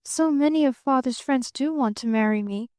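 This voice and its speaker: A blunt, sulky rich girl who says exactly what she thinks, as a woman reading aloud puts her on. The voice sits fairly high and the sound is dry and close. She comes across plaintive and candid in this audiobook. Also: moderate pace, mellow, no echo, lightly acted. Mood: frank, sulky.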